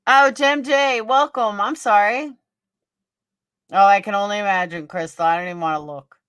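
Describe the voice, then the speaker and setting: A woman's voice: medium pitch, moderate pace, fairly bright tone, clean tone, dry recording, clean studio sound. A woman hosting a casual livestream, blunt and profane, gossiping and answering viewers by name. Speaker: livestream host. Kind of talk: casual livestream chat reading viewer comments.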